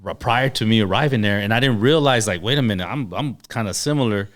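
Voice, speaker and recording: Animated man telling stories on a podcast. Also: lowish voice, fast. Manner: animated storyteller, acts out dialogue. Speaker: podcast guest, chiropractor. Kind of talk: casual storytelling.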